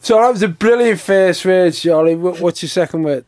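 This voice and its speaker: A man's voice: sits high, a little fast, darkish tone. A man hosting an interview, asking long, thoughtful questions in casual conversation. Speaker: host.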